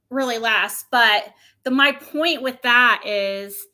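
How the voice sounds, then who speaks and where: Woman, casual stream chat, rambling, higher pitch, bright tone. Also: fairly even intonation, takes it slowly. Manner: rambling, chatty, with many restarts.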